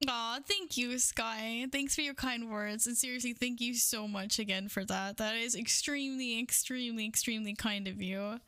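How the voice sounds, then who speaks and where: A woman's voice: fairly high pitch, moderate pace, hardly any pauses, sharp tone, no echo. A woman livestreamer in casual chat, overwhelmed and shaking, gushing thanks between swearing and laughter, on a studio microphone. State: shaking with excitement. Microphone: studio microphone with windscreen.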